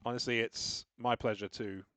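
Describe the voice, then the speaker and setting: A man's voice: medium pitch, fairly even intonation, moderate pace, fairly bright tone, no echo. A man streaming games live, chatting casually and thinking aloud as he works out his setup, with self-deprecating asides. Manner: rambling, self-deprecating, talks through what he is doing on screen. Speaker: game streamer.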